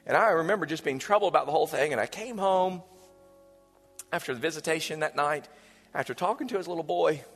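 High-voiced preaching man in a reverberant hall. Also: fast talker, breathy edge. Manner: swings between loud preaching and hushed whispers. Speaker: pastor. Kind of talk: sermon. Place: church sanctuary. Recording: church hall reverb with soft music.

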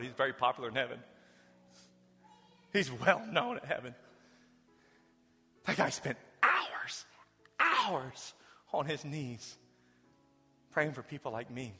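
Pastor, male, earnest sermon with altar call; bright forceful tone, big church reverb, faint music under. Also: medium pitch. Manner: earnest, building to fervent appeals, drops to hushed whispers. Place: large church sanctuary with balcony.

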